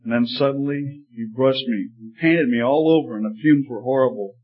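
A man's voice: mid-range voice, normal speed, husky, close to an everyday voice. A man voicing a talking teacup that was once clay, telling its story in an earnest, pleading way. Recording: slightly muffled recording.

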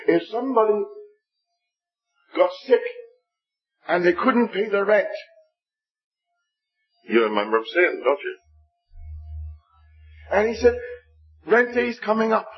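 Husky-voiced preacher man, earnest and pleading. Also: fairly high pitch, muffled recording. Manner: earnest, rising and falling pleading delivery. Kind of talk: gospel sermon.

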